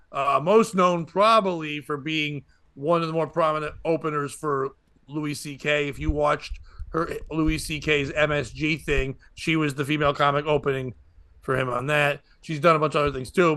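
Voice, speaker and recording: A man's voice: a little high, normal speed, smooth, dry recording, clean studio sound. A man who hosts a podcast and works as a comedian, telling stories in casual chat and acting out the voices of people he quotes. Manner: animated, acts out quoted voices.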